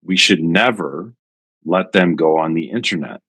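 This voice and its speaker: A man with a very low voice co-hosts a casual tech podcast. He builds his points thoughtfully with many restarts. His voice sounds dry, with no room echo. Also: a little slow, pushed and bright, breathy edge. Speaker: podcast co-host.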